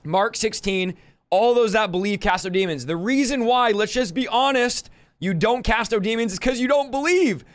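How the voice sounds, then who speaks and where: A man's voice: sits high, normal speed. A man hosting a podcast, preaching in a rowdy, emphatic style and rattling off scripture references in rhythmic lists. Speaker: podcast host. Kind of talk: fiery preaching monologue.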